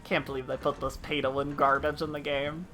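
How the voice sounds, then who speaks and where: A woman's voice: deep voice, level tone, brisk, a bit bright, soft background music. A woman streaming a game live, chatting casually, thanking viewers and joking.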